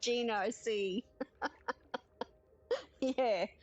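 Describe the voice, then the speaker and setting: A woman's voice: on the high side, extremely slow, darkish tone, lo-fi sound. A woman chatting casually while playing a game, giggling often and reading game text aloud. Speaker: gaming streamer. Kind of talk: casual let's-play chat.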